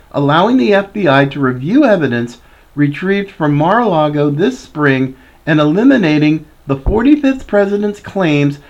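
A man with a high voice that swings widely in pitch hosts a political commentary show. He reads a news article aloud and keeps breaking off to protest with indignation. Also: muffled recording. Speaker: podcast host.

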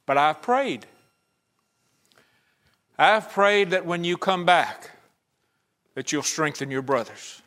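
A man's voice: on the high side, fairly bright tone. A man preaching a conversational sermon at a church service, acting out the voices he quotes.

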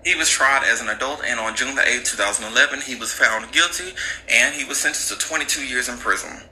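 A man casually retelling a true crime story with jokes and slang, animated and chatty. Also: medium pitch, fast, a little hiss or hum, rough recording.

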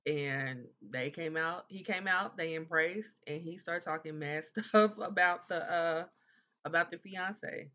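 Slow, easygoing man on a lo-fi mic. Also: on the high side, pushed and bright. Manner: laid-back, agreeing with frequent "right", long recaps. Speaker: podcast co-host. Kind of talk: casual chat. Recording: slightly dull, lo-fi sound.

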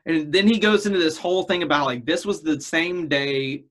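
A man's voice: fairly high pitch, a little fast, a bit bright. A man in casual podcast chat, telling a long story in a rambling, profane way.

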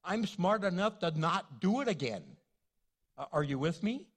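A man's voice: high-pitched, lively intonation, normal speed. An older male pastor preaching a sermon, telling a funny family story with playful asides and laughter. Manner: storytelling, playful, laughs at his own jokes.

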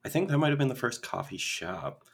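A man's voice: medium pitch, big pitch swings, brisk, creaky, husky. A young man co-hosting a casual podcast, rambling through tangents with lots of fillers, from Minnesota. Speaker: podcast co-host. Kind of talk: casual chat.

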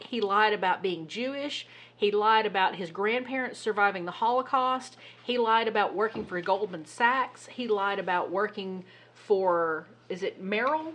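A woman co-hosting a casual podcast, telling a story in an animated, exasperated way and swearing now and then. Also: mid-range voice. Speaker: podcast co-host. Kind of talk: casual chat.

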